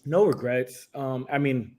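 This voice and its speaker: A man's voice: medium pitch, unhurried, warm tone. A young man from Massachusetts, a guest answering interview questions in an easygoing, laid-back way. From Springfield, Massachusetts. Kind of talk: relaxed conversational answers.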